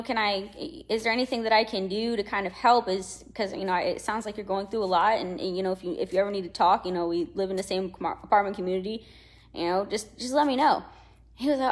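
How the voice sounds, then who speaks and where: A young woman hosting a casual motivational talk, chatty and animated, acting out quoted voices and laughing often. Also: mid-range voice, quick pace. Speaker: motivational session host.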